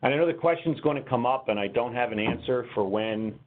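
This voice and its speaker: A man presenting a technical webinar, talking through software steps on screen in a conversational, explanatory way. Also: mid-range voice, brisk. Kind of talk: conversational software demo walkthrough. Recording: tinny phone-line webinar audio, faint noise.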